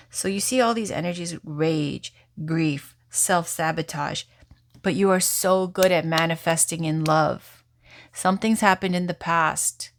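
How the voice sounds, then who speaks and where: Lady doing a tarot reading, kinda low voice, rambly and swears a bit, dry close sound. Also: a little slow, no room sound. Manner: chatty, meandering, swears casually. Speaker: tarot reader. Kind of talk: casual tarot reading vlog.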